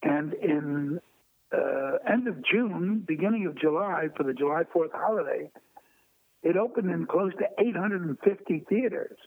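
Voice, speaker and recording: An older man, a lively raconteur guesting on an interview who acts out voices in his stories. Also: a little high, normal speed, breathy edge, no room sound. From Brooklyn, New York. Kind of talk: anecdotal storytelling. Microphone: phone. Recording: tinny dry phone line.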